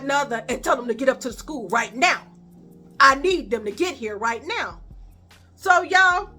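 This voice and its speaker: High, bright Chicago woman telling stories. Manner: animated, profane, acts out quoted dialogue. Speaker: storyteller. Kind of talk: casual storytime vlog.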